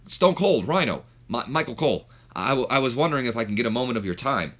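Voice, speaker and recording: A man's voice: mid-range voice, animated, fast talker, fairly bright tone, lo-fi sound, pitched above the performer's own voice. Man playing a stammering nervous interviewer. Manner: hesitant, stammering. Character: polite nervous male interviewer.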